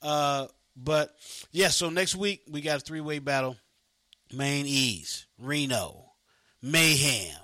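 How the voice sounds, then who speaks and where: A man's voice: on the high side, slow, bright, forceful tone, no echo. A man hosting a casual online radio show, laid-back and slangy, laughing easily. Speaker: host.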